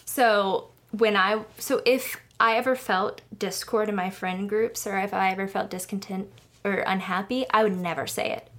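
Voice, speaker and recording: A young woman co-hosting a podcast, talking at an ordinary middle pitch in a loose, rambling way. She fills her sentences with "like" and "you know" and swears casually as she speaks her mind. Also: fairly even intonation, moderate pace, fairly bright tone. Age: 20s. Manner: rambling, many fillers, candid and swears casually. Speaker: podcast co-host. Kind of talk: casual chat.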